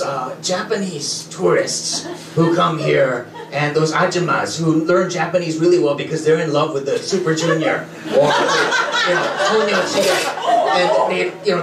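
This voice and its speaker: Man doing a condescending taxi driver, lecturing, fairly high voice, roomy and echoing. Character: pushy, lecturing middle-aged male taxi driver. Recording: echoey and distant with loud ambient noise.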